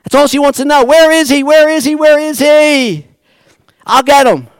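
A man preacher voicing a desperate, grieving woman who pleads loudly to find her lord. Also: very high-pitched, completely flat delivery, very fast, creaky, no echo, voice pushed up. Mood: desperate pleading. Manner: pleading, loud and insistent.

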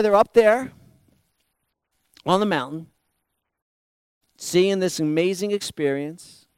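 High-voiced, animated man preaching a sermon. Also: smooth, no echo. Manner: animated, acts out quoted voices, laughs often. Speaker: pastor.

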